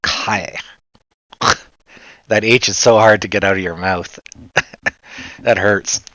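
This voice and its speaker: A man hosts a casual livestream in a Canadian accent, his fairly low voice slow, sharp-toned and fairly even. The dry recording has a dull lo-fi quality, and he rambles on with jokes and frequent laughter.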